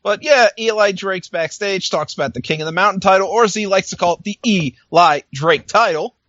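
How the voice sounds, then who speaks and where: A man's voice: high voice, fairly quick, a bit bright, no echo, lo-fi sound. A man co-hosting a podcast, chatting casually and animatedly, acting out lines and laughing often. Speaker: podcast co-host. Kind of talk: casual recap chat.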